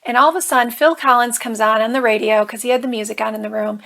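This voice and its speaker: A woman with a fairly high voice talks straight to camera as a coach. She tells a personal story in an earnest, emotional way and slips in nervous humor. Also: fairly even intonation, quick pace, creaky, a bit bright. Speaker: life coach.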